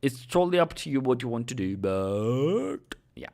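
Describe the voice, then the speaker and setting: A man's voice: medium pitch, big pitch swings, moderate pace, vocal fry, darkish tone. A young man with a non-native English delivery, hosting a live forex market analysis and talking viewers through charts with many fillers and self-corrections. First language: Norwegian. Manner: talks directly to viewers, thanks subscribers. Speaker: forex trading host.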